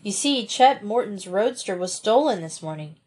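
An earnest teenage boy, read aloud by a woman, explaining himself to his father. The voice sits at a middle pitch. The feel is of a storybook read-aloud. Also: animated, moderate pace, darkish tone, husky.

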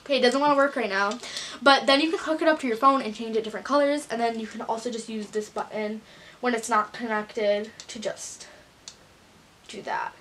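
A woman's voice: fairly high pitch, fairly quick, fairly bright tone, a little hiss or hum. A teenage girl from the United States telling a casual storytime vlog, gushing and saying "like" constantly. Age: teens. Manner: gushing, filler-heavy, with many "like"s. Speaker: vlogger.

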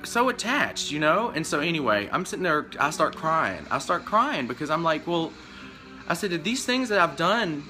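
Guy venting to camera, bright forceful voice, rambles and plays both sides of the convo. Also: very animated, moderate pace, soft background music. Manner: emotional, pitch jumps up when upset. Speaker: vlogger telling of being fired. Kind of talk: casual storytelling rant.

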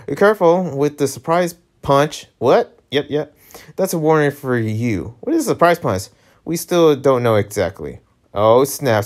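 A man casually reading a webtoon aloud, stumbling over lines and laughing at his own slips. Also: mid-range voice. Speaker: webtoon reader.

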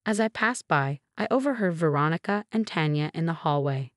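Even, steady woman narrator for a first-person story; low-pitched, dry. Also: fairly quick, dry recording.

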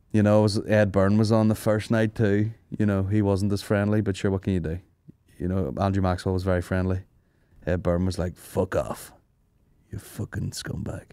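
A man's voice: low-pitched, level tone, normal speed, warm tone, clear, resonant tone, no echo. A man hosting a comedy podcast, telling rambling, sweary stories, laughing and mimicking people. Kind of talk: casual storytelling chat.

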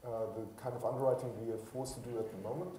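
A man's voice: medium pitch, fairly even intonation, fast, dark tone, slight background noise. A man speaking as an executive on a conference panel, chatty and self-deprecating, with many fillers and restarts. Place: conference hall. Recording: roomy panel hall from far off.

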